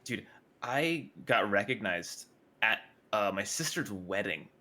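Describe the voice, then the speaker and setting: A man's voice: fairly low pitch, lively intonation, takes it slowly, sharp tone. A man chatting casually in an easygoing, slightly awkward way about being a streamer. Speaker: streamer and show regular. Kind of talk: casual chat.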